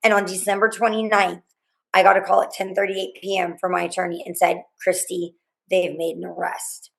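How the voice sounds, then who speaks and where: A middle-aged woman being interviewed, recounting a frightening night in a rambling, halting way, full of restarts and quoted dialogue. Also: fairly low pitch, flat delivery, gravelly, fairly bright tone, rough recording. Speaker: guest, mother of a murdered student. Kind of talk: emotional interview storytelling.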